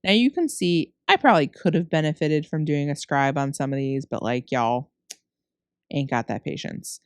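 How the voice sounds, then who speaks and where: Low and smooth, her voice sounds clean with no echo, close-miked in studio conditions. She's voicing over her cookie decorating tutorial late at night, tired, chatty and rambling. She fixes her mistakes as she goes and laughs at herself.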